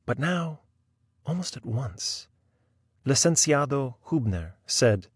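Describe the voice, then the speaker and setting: A man reading a short story aloud in measured scripted narration. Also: medium pitch, very animated, no room sound, studio quality. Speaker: audiobook reader.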